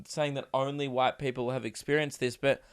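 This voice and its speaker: A young Australian man with a medium-pitched voice talks briskly with flat delivery and a clean tone. He's a podcast host who is sick and coughing, rambling through a casual solo rant. He swears freely, interrupts and restarts himself, and acts out quoted voices.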